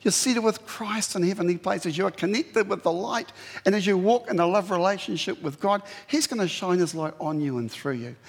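A man preaches with a fairly high, gravelly voice that has a husky edge. He is earnest and pleading, and his pitch leaps up when he drives a point home. His words ring through a long hall reverb. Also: a little fast. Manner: earnest, pleading, rises sharply in pitch for emphasis. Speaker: pastor. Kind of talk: sermon.

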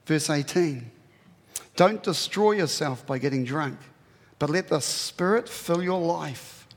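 Earnest preacher in a reverberant hall. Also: male voice, unhurried. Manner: earnest, pleading, rises sharply in pitch for emphasis. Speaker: pastor. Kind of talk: sermon.

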